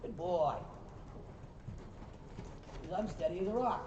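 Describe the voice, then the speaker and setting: A man's voice: sits high, slow, darkish tone, slight background noise. A man coaching riders through a lesson, calling out praise to the horses and corrections to the riders. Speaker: riding instructor. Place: riding arena. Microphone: recorder far from the speaker. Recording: distant, echoey, dull recording.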